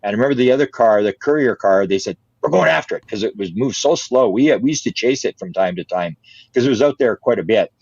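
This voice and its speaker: An older man, an interview guest, telling a story in casual style, lively, repeating words and laughing often. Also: fairly low pitch, quick pace, no echo, highs cut off.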